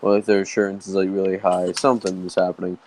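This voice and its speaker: A man's voice: low-pitched, level tone, fast talker, darkish tone, a little hiss or hum, low-quality recording. A young man co-hosting a casual podcast over voice chat. He jokes crudely and swears, with "bro" in most sentences. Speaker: podcast co-host.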